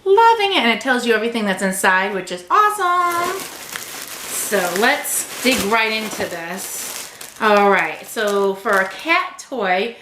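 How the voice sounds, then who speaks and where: A woman's voice: fairly high pitch, sing-song, slow pace, sharp tone, roomy sound, a little hiss or hum. A woman vlogger unboxing a subscription box at home, gushing over each item and cooing to her cat. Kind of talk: casual unboxing chat.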